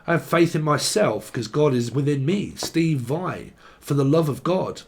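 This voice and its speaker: A man's voice: on the high side, expressive, unhurried, a little mellow, slight background noise. A man giving a casual tarot reading who rambles playfully, acts out quoted voices and swears freely. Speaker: tarot reader.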